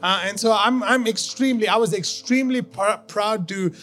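Male pastor preaching, high voice, laughs a lot, lots of uh and restarts, soft music behind. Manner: excited, laughing, halting with fillers and restarts. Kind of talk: sermon. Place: church.

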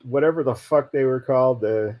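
A man's voice: medium pitch, fairly quick, muffled recording. A man cohosting a casual wrestling podcast, talking hesitantly with many fillers. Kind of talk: casual panel chat.

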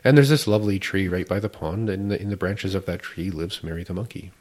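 Deep-voiced male host, playful, laughs easily, casual explainer. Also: fast talker, a little mellow. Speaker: podcast host teaching a practice.

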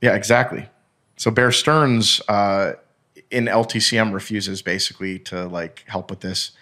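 A man's voice: on the low side, fairly even intonation, measured pace, pushed and bright. A man in casual podcast chat, explaining a finance story at length with restarts and the odd swear word.

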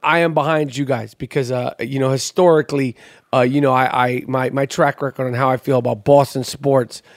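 A man hosting a podcast in casual sports chat, animated, stammering through restarts and swearing freely. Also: medium pitch, brisk, no echo, clean studio sound. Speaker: podcast host.

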